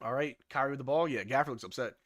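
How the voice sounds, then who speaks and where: A man hosting a live watch-along stream, calling plays and reacting loudly with hype shouts on big moments. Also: mid-range voice, very fast, dry recording, clean studio sound. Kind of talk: excited live game commentary.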